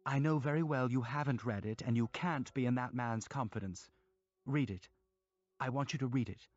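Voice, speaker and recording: A man voicing a proud young woman with a crisp, commanding, coolly teasing manner in a storybook reading. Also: mid-range voice, moderate pace, darkish tone, no echo, highs cut off, natural voice. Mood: insistent.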